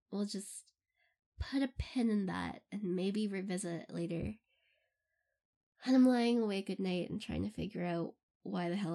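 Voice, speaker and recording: A young woman with a medium-pitched, darkish voice answers fans' questions in a casual Q&A. She makes audio role-play content and rambles, giggling often and using plenty of fillers.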